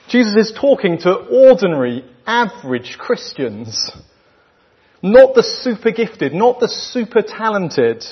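A man with a British accent delivers a sermon at a deliberately slow pace. His voice is husky and sits a little high. The recording is dull and lo-fi, as if taken in a church. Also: very animated. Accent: British English. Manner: emphatic, with rhetorical questions and weighty pauses. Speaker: preacher.

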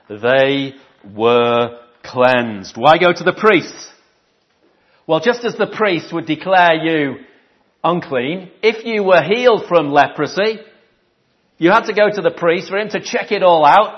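A man's voice: fairly high pitch, expressive, a little slow, dull audio. A man preaching a conversational sermon, asking rhetorical questions and repeating key phrases for emphasis.

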